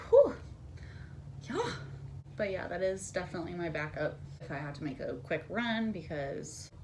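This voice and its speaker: A woman's voice: lowish voice, slight background noise. A young woman at home chatting candidly through a casual makeup tutorial. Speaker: beauty vlogger.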